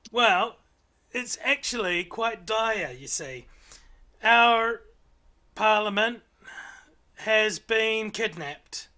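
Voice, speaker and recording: Man voicing a small fluffy owl kid: high, bright, slow, earnestly polite, tabletop game. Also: lively intonation, heavily acted.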